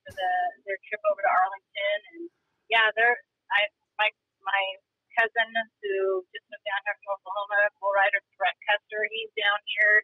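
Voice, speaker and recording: A woman guest from Montana telling stories in a chatty, animated way, calling in while she drives. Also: mid-range voice, normal speed, husky, dry recording. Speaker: rodeo guest. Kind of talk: casual interview chat. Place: car. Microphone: phone call while driving. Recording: dull, dry phone-call audio.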